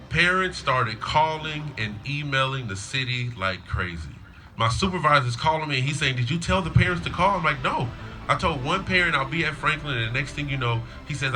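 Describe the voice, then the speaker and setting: Man, middle-aged, coach, graduation speech, storytelling, mid pitch, clear music behind. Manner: storytelling, acts out a child's whiny voice in quotes.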